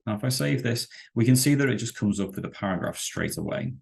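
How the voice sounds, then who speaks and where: A man teaching a web development lesson over a screen-share, explaining with halting, self-correcting sentences and many fillers. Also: mid-range voice, expressive, vocal fry. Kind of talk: screen-share coding tutorial.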